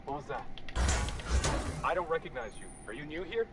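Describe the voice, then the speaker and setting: A man's voice: a little high, lively intonation, normal speed, over loud music, lightly acted. An actor playing a suspicious, officious male station guard in a video game, questioning a newcomer.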